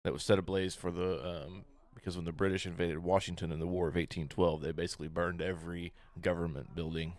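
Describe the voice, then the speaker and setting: A man's voice: low-pitched, little pitch movement, fast talker, hardly any pauses, darkish tone. A man co-hosting a casual podcast, reading history facts in a laid-back, crude way and laughing often. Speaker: podcast co-host.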